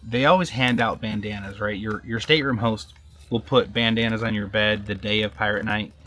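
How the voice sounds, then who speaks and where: A man's voice: fairly low pitch, steady tone, moderate pace, sharp tone. A man vlogging with his partner, explaining things casually and checking in with "right?" tags. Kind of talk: casual chat.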